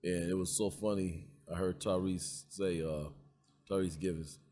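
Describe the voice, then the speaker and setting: A man's voice: low voice, steady tone, a little slow, dark tone. A middle-aged man co-hosting a podcast about security work, chatting casually and rambling, often repeating words as he starts a thought. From United States. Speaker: podcast co-host, security guard. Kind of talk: casual chat.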